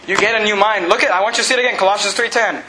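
A man preaching a fiery sermon as pastor, often shouting and laughing between lines, recorded in a church. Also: sits high, very fast, a little hiss or hum. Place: church hall. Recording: echoey church room.

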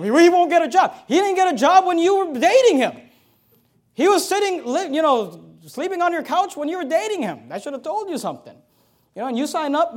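High-voiced man preaching a sermon. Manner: exhorting preacher, swings between loud emphasis and quiet asides. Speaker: pastor.

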